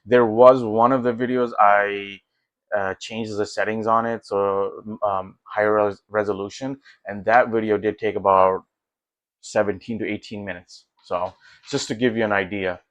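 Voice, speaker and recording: A man's voice: on the low side, normal speed, no room sound. A man talking casually as a tech vlogger, walking through his test results with lots of fillers and restarts. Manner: rambling, many fillers and restarts; excited, easygoing. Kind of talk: casual walkthrough commentary.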